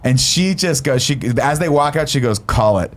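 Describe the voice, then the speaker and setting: A man's voice: a little high, moderate pace. A man hosting a podcast, casually recapping a movie plot in a rambling way, with lots of fillers and some swearing. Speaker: podcast host.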